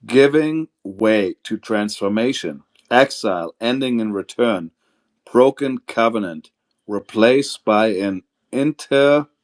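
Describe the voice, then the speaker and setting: A man's voice: fairly low pitch, animated, slow. Joking, profane male stream host. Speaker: livestream host. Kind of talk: casual call-in stream chat.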